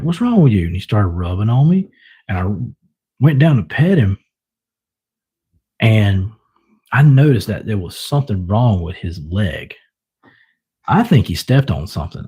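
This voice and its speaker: Husky-voiced man, lively and rambling. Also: lowish voice, normal speed, pauses often. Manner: rambling, chuckles often, mimics his pets. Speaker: livestreamer. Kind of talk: casual storytelling on a livestream.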